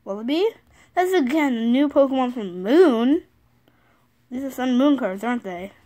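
A school-age girl vlogging casually from her bed, excitable, reading card names aloud and often apologizing. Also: sits high, moderate pace. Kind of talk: casual card-opening vlog. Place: sitting on her bed at home.

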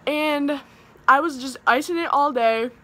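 A woman's voice: high voice, a little slow, a bit bright. A young woman vlogger telling a story to the camera in a chatty, dramatic way, filling her talk with "like". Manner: dramatic, chatty, heavy use of "like".

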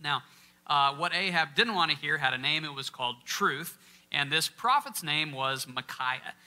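A man's voice: a little high, lively intonation, moderate pace, sharp tone. A man giving an interactive Bible teaching talk to a live audience in a church, quizzing listeners and stressing key words in a conversational way. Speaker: workshop speaker.

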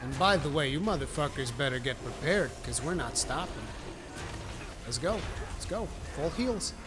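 A man giving live gameplay commentary, with brash, profane trash talk at his teammates and sudden excited shouting. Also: a little high, moderate pace, noisy background. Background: game music.

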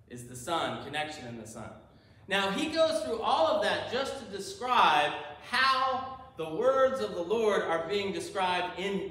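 A high-pitched man with a fairly bright tone preaches from a church sanctuary, keenly explaining Hebrew terms and tossing out rhetorical questions. The audio has a spacious, faraway church quality.

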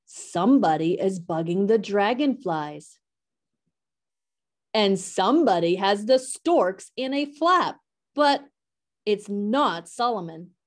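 A woman reads a children's picture book aloud with a lively, sing-song delivery. Her pitch sits in the middle, and she takes her time over the words. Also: slow. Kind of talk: storybook read-aloud.

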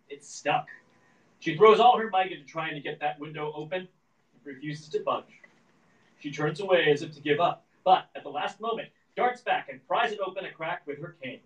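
A man reading the stage directions of a screenplay aloud at a live reading, in a steady, descriptive manner. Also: fairly high pitch. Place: event room at a live reading. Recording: echoey room, distant mic.

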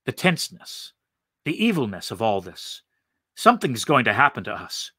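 A panicky Martian soldier who trembles, whispers and breaks into frightened cries, as a man acts him out. The tone is bright and the sound is dry and close. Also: medium pitch, wildly swooping pitch, normal speed, breathy edge, no echo, exaggerated voice. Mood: fearful whisper.

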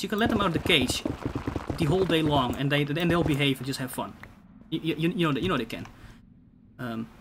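A man streaming a game, telling stories in a casual, profane, animated way with many restarts. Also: medium pitch, slight background noise. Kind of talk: casual storytelling while gaming.

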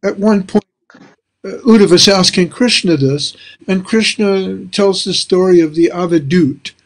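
Older man, interview host, somewhat high voice, reflective, rambling, lots of fillers. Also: measured pace. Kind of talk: casual interview.

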